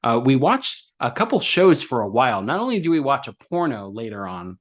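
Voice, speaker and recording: Guy on a movie podcast, middle pitch, rambly, lots of likes and ums. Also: big pitch swings, brisk. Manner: rambling, many fillers and restarts. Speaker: podcast co-host. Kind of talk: casual film discussion.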